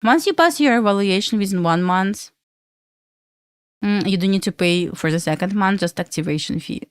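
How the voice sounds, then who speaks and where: A woman's voice: mid-range voice, no room sound, clean studio sound. A young woman from Belarus with a Russian accent, hosting a casual trading livestream and answering questions from chat with lots of fillers.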